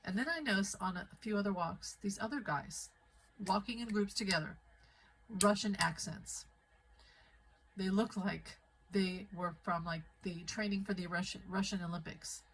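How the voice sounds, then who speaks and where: Speaking to camera on her phone from her Midwest home, a woman with a lowish voice goes on a heated, conspiratorial ramble. The low-quality recording carries slight background noise.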